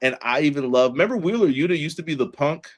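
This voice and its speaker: A man hosting a podcast, reviewing a wrestling show in a casual chat and acting out the wrestlers in quick put-on voices. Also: a little high, animated. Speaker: podcast host.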